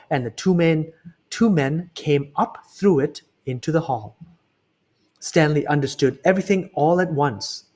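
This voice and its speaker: A man reads a children's book aloud with a lively, sing-song delivery. His voice sits a little high and has a husky grain. He slows down on key words for emphasis. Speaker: reader.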